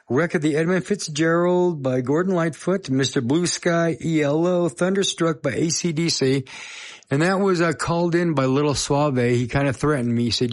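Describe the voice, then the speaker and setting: A middle-aged man hosting a radio show, chatting casually between songs with rambling, self-deprecating asides. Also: on the high side.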